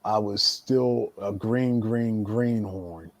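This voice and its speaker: A man's voice: lowish voice, takes it slowly, no room sound. A veteran wrestler, a man, telling a backstage story in a casual, profane style. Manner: animated, profane, repeats words.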